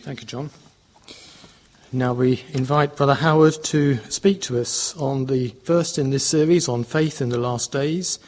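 A man's voice: medium pitch, steady tone, a little slow, a little mellow. A man formally chairing a church Bible class and introducing the speaker. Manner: formal, announcing.

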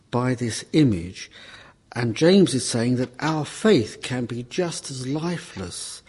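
A man giving a Bible class talk in a measured, emphatic preaching style, repeating key words for stress. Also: mid-range voice, darkish tone, slightly rough. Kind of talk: sermon.

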